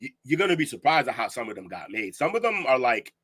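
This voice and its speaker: A man co-hosting a casual podcast who talks in an opinionated, animated way, with laughing asides. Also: mid-range voice, fast talker, slightly rough. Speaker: podcast co-host.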